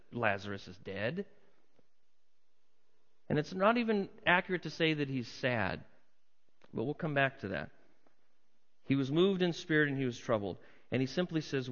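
A man's voice: mid-range voice, fairly bright tone. A middle-aged man preaching a sermon in a conversational way, now and then acting out voices from a crowd. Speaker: pastor. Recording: muffled sound with long hall reverb.

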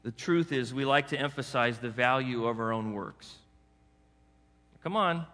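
A middle-aged man preaching a sermon in an animated, conversational way, slipping into quick acted asides. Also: mid-range voice. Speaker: pastor. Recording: echoey hall reverb.

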